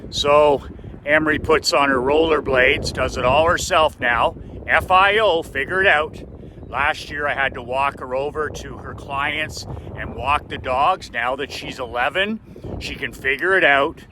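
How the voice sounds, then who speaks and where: A man's voice: fairly high pitch, a little slow, noisy background. A middle-aged man from Canada, telling a family story in a casual vlog. He is emphatic and repeats phrases for effect. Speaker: business coach.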